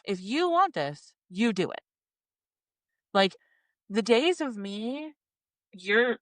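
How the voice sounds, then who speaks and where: A woman's voice: medium pitch, big pitch swings, measured pace, long pauses, fairly bright tone, no room sound. A woman in her forties talking candidly and emotionally, swearing and acting out her own inner thoughts in a podcast chat. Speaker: podcast co-host.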